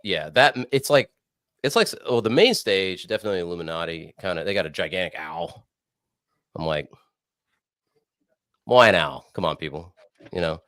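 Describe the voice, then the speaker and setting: Young male co-host, very low and lively pitch, hoarse, profane rambler on a dry call line. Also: brisk, no echo. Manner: rambling, profane, laid-back. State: hoarse from screaming. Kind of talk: casual podcast chat. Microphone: remote video call.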